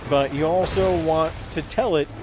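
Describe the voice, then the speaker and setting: A man hosting a gaming video, telling a rambling, absurd story in a deadpan way and acting out quoted lines in voices. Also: a little high, normal speed, over music. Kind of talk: rambling comedic monologue while gaming.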